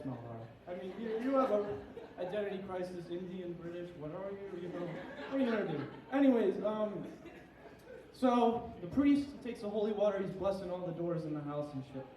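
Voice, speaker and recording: A young man with a fairly high voice does a rambling, crude stand-up set, a little tipsy and self-deprecating. He sounds set back from the mic in an echoey room, with a faint hum of ambience behind him. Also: animated, brisk, a crowd in the background. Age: young adult. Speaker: stand-up comic. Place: small comedy venue with an audience. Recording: echoey room, heard from a distance.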